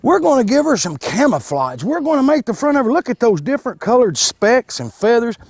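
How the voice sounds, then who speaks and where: A man, a wildlife educator giving a live demonstration to children, folksy and animated, restarting words with plenty of fillers. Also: very high-pitched, creaky, dry recording, clean studio sound. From Kentucky.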